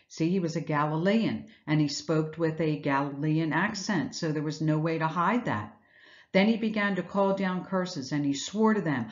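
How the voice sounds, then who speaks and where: A woman's voice: sits low, moderate pace, highs cut off. A woman giving an Easter sermon, retelling scripture in a reflective storytelling way with rhetorical questions. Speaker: speaker giving an Easter message.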